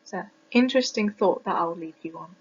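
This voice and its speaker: A woman's voice: on the low side, brisk, slightly rough. A woman with a British received pronunciation accent, giving a reflective personal presentation with frequent ums and restarts. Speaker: student presenter. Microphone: close mic that sometimes distorts. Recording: dull lo-fi home recording.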